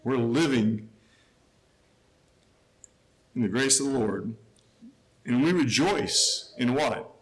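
A man's voice: expressive, takes it slowly, pauses often, poor audio. Emphatic man preaching a sermon. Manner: emphatic, rising to a near shout then dropping low.

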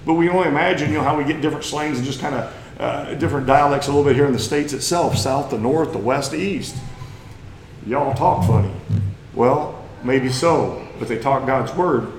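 Plain-spoken Missouri preacher in an echoey room. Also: male voice, medium pitch, brisk, slight background noise. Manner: plain-spoken, folksy, rising to emphatic bursts. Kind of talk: sermon lesson.

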